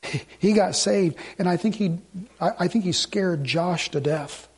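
Husky-voiced preacher man, high and impassioned. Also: a little slow. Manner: impassioned, swinging between loud urgency and hushed pleading. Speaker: pastor. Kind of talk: sermon.

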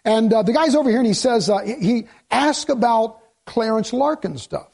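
High-voiced man preaching conversationally. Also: expressive, normal speed, vocal fry, a little mellow, slightly rough. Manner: conversational preaching with rhetorical questions and jokes. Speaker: pastor. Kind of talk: sermon.

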